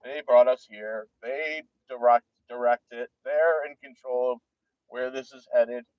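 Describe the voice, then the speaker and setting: A New Jersey vlogger with a New Jersey accent talks to camera in a rambling, heavily profane monologue that keeps trailing off. His medium-pitched voice is measured in pace, captured in a dull, lo-fi, dry recording.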